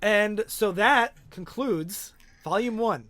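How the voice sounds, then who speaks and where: A man's voice: high voice, takes it slowly. A man co-hosting a podcast, casually recapping a comic book and acting out the characters' lines. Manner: animated retelling, acting out dialogue. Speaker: podcast co-host.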